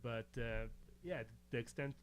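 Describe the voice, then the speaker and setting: A man with an Israeli accent tinged with German, a native Hebrew speaker and comedian guest, talking in a dry, deadpan way with frequent fillers. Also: mid-range voice, measured pace, crowd noise. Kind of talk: casual talk show chat.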